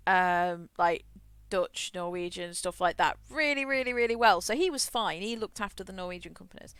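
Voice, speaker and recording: A woman's voice: lowish voice, moderate pace, a bit bright, clean tone, no echo, clean studio sound. A woman streamer chatting casually while gaming, self-deprecating and laughing often, with frequent restarts. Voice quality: had a childhood stutter, frequent restarts.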